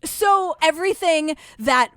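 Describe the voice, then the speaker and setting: High-voiced joking woman podcast host. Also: lively intonation, slow pace, very noisy. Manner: joking, profane, acts out quotes in mock voices. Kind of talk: casual comedic chat.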